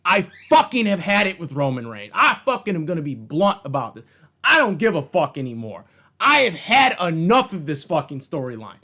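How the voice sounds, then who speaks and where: A man's voice: fairly high pitch, very animated, normal speed, sharp tone. A man ranting angrily about wrestling storylines, heated and profane, repeating himself for emphasis. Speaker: wrestling commentator ranting on his channel. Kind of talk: angry rant.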